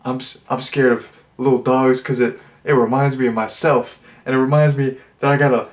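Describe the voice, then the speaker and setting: A man's voice: medium pitch, steady tone, fairly quick, close to an everyday voice. A man voicing a macho, aggressive young frat bro who talks bluntly and crudely. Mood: brash.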